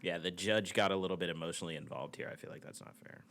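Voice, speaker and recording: A man's voice: deep voice, fast, heavy background noise. A young man in his twenties, co-hosting a podcast in casual, profane, laughing banter. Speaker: podcast co-host.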